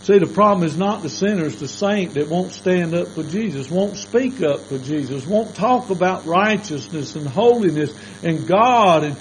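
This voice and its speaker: A man's voice: sits high, expressive, normal speed, hardly any pauses, a little hiss or hum, poor audio. Folksy older preacher man. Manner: folksy, plainspoken storyteller. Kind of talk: storytelling sermon.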